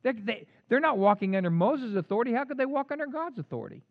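A man preaching a sermon, swinging between loud emphatic lines and quiet asides. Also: very high voice, very animated, fast, narrow, tinny audio. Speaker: pastor.

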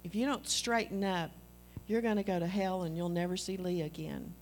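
A woman's voice: fairly low pitch, fairly even intonation, moderate pace, a little hiss or hum, voice pushed down, natural voice. A woman quoting her stern, dying elderly mother, who scolds her daughter in an insistent way.

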